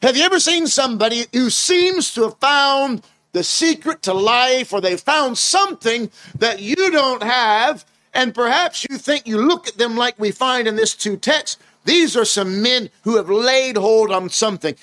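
A man's voice: extremely high pitch, animated, unhurried, bright, forceful tone, no room sound. A man preaching a sermon in an earnest, emphatic way, asking his listeners rhetorical questions.

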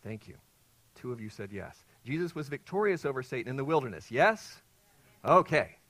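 A man's voice: mid-range voice, lively intonation, fast talker, no room sound, rough recording. Earnest male pastor preaching, dry sound. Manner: earnest teaching, quizzing listeners, surging louder on key points. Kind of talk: expository sermon to a congregation.

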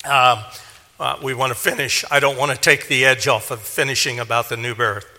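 A man preaching a sermon, earnest, swelling to emphatic peaks and then dropping low. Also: steady tone, brisk, pushed and bright. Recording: long hall reverb.

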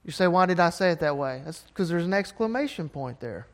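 Southern man preaching, high tenor, rises to emphatic peaks. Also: lively intonation, fairly quick. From Alabama. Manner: impassioned, rising to emphatic peaks. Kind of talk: sermon.

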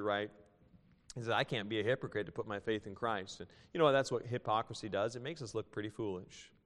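A man's voice: mid-range voice, a bit bright, in a large hall. A man preaching a sermon in a folksy way, reading scripture aloud and telling a joke story. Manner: folksy, reads scripture aloud and tells jokes.

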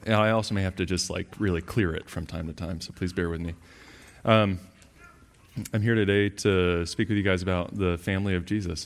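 Very low-voiced man preaching with a cold. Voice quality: husky, twangy from a cold. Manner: relaxed, conversational preaching with fillers. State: sick, congested. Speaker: campus minister. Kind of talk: sermon.

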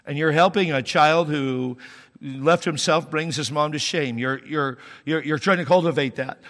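A pastor preaching in a relaxed, talky way, breaking into humor and then rising into emphatic points. His voice sits a little high and rings bright and forceful. It carries the long reverb of a large church hall. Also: normal speed. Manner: conversational preaching with humor and sudden emphatic rises. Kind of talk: sermon.

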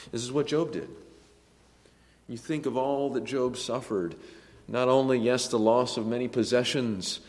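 A man preaching a sermon, emphatic, swinging between a hushed voice and a raised one. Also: mid-range voice, in a large hall. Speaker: pastor.

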